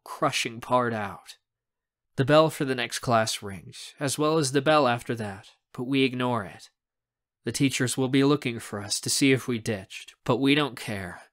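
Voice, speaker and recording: A man narrating a young adult audiobook in the first person, with a bright, forceful tone. He reads expressively and shapes each scene. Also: mid-range voice.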